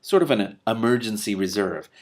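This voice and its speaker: A man's voice: lowish voice, lively intonation, normal speed. A man reading a fantasy novel aloud in a casual narrating style, with amused asides. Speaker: reader of a book with commentary.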